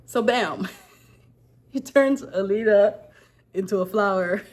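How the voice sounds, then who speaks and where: A woman's voice: medium pitch, takes it slowly, a little mellow. A woman retelling a folktale in a casual storytelling vlog, chatty and slangy, breaking off for joking asides.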